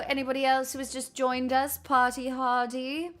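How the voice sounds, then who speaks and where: A woman's voice: high voice, flat delivery, normal speed, fairly bright tone, soft background music. A woman live streamer in a put-on transatlantic accent, chatting casually with her viewers, self-mocking and swearing freely. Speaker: live streamer greeting chat.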